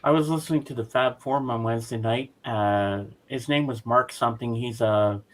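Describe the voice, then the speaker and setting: A man's voice: mid-range voice, steady tone, moderate pace, poor audio. Earnest man in a casual chat. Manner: earnest, heartfelt storyteller. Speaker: chat guest.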